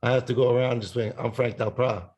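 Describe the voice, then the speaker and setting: A man's voice: mid-range voice, fairly even intonation, fast talker, darkish tone. A man, a musician guest on a podcast, talking in a loose, rambling way, swearing often and breaking into sung snippets. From Italian family background. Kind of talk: casual chat.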